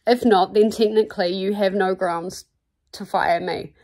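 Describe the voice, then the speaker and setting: A woman with a New Zealand accent reading the lines of a strong-willed young woman scientist, calm and defiant. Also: mid-range voice, a little slow, natural voice.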